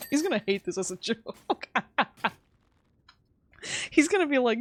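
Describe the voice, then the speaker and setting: A woman's voice: sits high, sing-song, fairly quick, no room sound. Young woman, streamer, casual gaming chat, giggly, teasing.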